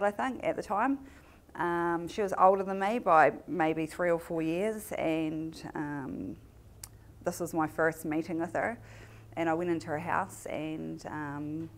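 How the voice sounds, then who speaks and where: A woman with a New Zealand accent giving a talk at a community event, telling a personal story with lively acted-out dialogue. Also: fairly low pitch. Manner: lively storyteller who acts out remembered dialogue.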